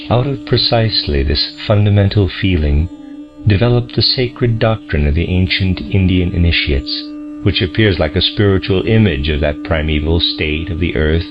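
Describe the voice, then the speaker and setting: A man reading a lecture aloud in a slow, deliberate, solemn manner, on a dull lo-fi recording. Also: deep voice. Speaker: audiobook reader.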